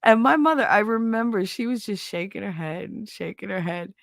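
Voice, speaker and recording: A woman's voice: mid-range voice, animated, brisk, dry recording, studio quality. Profane, wisecracking woman live-streamer. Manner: profane, wisecracking, acts out quotes in big voices. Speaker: livestream host. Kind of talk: casual chat with viewers.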